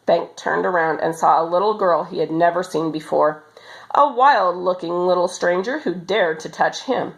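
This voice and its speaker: A woman reading a children's story aloud as storyteller, in an expressive, animated manner. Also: fairly low pitch, normal speed, gravelly, poor audio.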